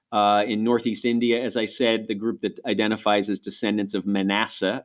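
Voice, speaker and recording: A middle-aged man from Rochester, New York, talks through a subject in a podcast conversation. His voice sits a little low. He keeps it animated with quick asides as he explains. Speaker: ministry guest speaker.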